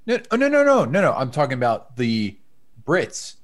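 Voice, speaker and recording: A man with a Pennsylvania American accent chatting casually on a podcast. His pitch swoops and rises with feeling, and he hesitates and restarts as he gets his thought out. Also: huge pitch swings, moderate pace. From Pennsylvania, USA. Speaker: podcast co-host. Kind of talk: casual chat.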